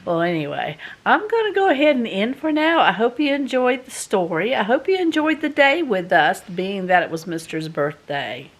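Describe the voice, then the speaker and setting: In a mid-range voice at normal speed, with few pauses, a Southern woman talks to her camera from her doublewide. Her vlog story is folksy and homespun, delivered chattily and with real animation during the retelling.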